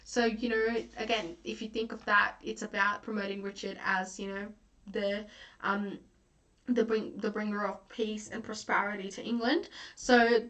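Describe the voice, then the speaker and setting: A woman's voice: medium pitch, flat delivery, moderate pace, fairly bright tone. Chatty woman tutor, slightly distant mic. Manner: chatty, frequent fillers and restarts. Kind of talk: recorded exam-prep lecture.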